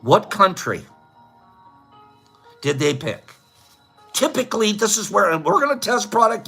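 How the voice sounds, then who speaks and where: A lively, bright-voiced man hosts a casual livestream, running a trivia contest and bantering with his viewers. His slightly high voice swings up and down as he jokes and laughs at his own punchlines, with faint music playing behind him.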